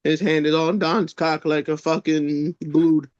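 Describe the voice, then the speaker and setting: A man's voice: fairly high pitch, flat delivery, unhurried, a little mellow. A man co-hosting a podcast in casual wrestling chat, hesitant and stumbling over words, with crude jokes. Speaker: podcast co-host. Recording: dull lo-fi sound.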